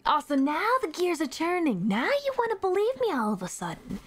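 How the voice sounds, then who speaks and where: A woman's voice: very high-pitched, sing-song, a little fast. A young woman streamer commenting on a game in a playful, teasing way, laughing often and swearing. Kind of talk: casual gameplay commentary.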